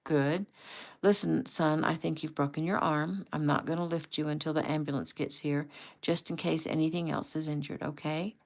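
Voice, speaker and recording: A woman reading aloud, voicing a young father who speaks gently and steadily to his injured son. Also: sits low, fairly even intonation, normal speed, gravelly. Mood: soothing. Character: calm young father soothing hurt son.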